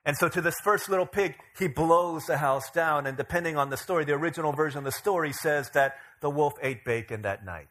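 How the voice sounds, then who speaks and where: A man's voice: a little high, fairly quick, few pauses, fairly bright tone. A male pastor giving a sermon, asking the congregation questions and retelling a familiar story with a light, joking touch. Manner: asks the congregation questions and retells stories with humor.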